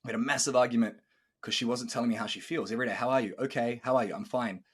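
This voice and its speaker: A man in his thirties speaks very fast in a husky, mid-range voice while hosting a casual podcast as a coach. He tells animated stories, acting out the quoted dialogue and swearing freely.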